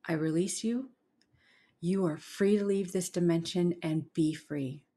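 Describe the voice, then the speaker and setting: A woman's voice: on the low side, steady tone, unhurried, dark tone. Woman reading a cursed woman's firm voice. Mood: calm. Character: frightened but defiant young woman under a curse.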